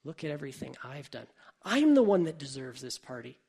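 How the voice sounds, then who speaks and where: A man acting out a resentful older brother who nurses his grievances aloud. The voice is raspy and gravelly and sits a little high. He sounds self-pitying and bitter. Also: expressive, a little slow, heavily acted. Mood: angry.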